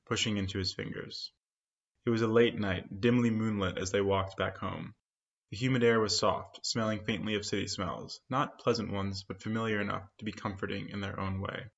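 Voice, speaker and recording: A man narrating a short story in a steady, measured reading, on a dull lo-fi recording. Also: lowish voice, gravelly. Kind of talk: scripted fiction reading.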